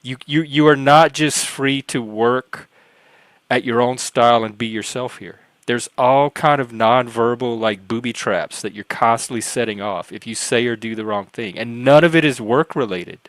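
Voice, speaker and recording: Guy telling a long personal story on a live panel, medium pitch, dry sound, earnest, trips over his words a lot. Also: normal speed, fairly bright tone, no room sound. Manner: rambling, frequent restarts and self-corrections; earnest, acts out quoted dialogue. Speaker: panelist on a livestream. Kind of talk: personal storytelling, casual talk.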